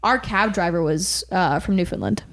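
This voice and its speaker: A woman's voice: on the low side, lively intonation, normal speed. A woman co-hosting a podcast, telling stories in casual chat and saying "like" constantly. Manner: chatty storyteller, heavy use of "like". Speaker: podcast co-host.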